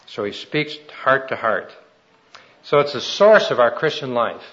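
A man's voice: mid-range voice, sing-song, measured pace, a bit bright, lo-fi sound. A man preaching a sermon and telling his own testimony in an earnest, folksy storytelling way.

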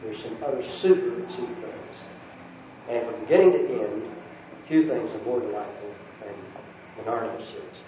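A man giving a talk to campus ministers, reading a story aloud in an unhurried way. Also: mid-range voice, mellow, slight background noise. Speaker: speaker at a Christian campus talk. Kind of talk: lecture with a read-aloud story. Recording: echoey distant lo-fi recording.

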